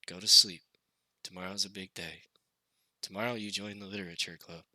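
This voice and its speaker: A man voicing a stern, preachy mother who speaks quietly and coldly while reading a game. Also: low voice, steady tone, a little fast, no echo, exaggerated voice.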